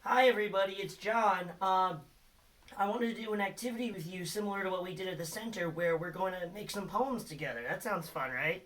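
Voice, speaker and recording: A teacher records a lesson for children, patiently encouraging them and quizzing them with letter hints. His high voice is brisk and a bit bright, sounding slightly distant from the microphone.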